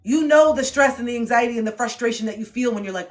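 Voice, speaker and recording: A woman's voice: fairly high pitch, fast talker. A young woman streams a motivational talk, driving hard at her listeners with repeated questions and plenty of swearing. She sounds intense and preachy, pushing and challenging rather than comforting. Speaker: livestreamer.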